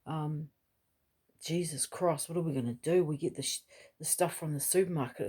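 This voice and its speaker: A woman's voice: sits low, moderate pace, darkish tone, slightly rough. A middle-aged woman, chatting and rambling at home in a casual vlog, swearing now and then. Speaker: vlogger. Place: small home unit, kitchen.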